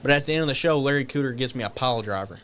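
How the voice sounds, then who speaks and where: A man guest on a podcast, telling stories casually, animated and swearing, acting out shouted quotes. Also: medium pitch, rapid-fire, slight background noise. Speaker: guest wrestler. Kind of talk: casual storytelling.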